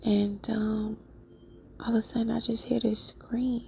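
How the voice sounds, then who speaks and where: A woman telling a dream in a soft, unvoiced whisper with many fillers, as a whispered vlog. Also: on the high side, little pitch movement, measured pace, gravelly, slight background noise. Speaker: vlogger.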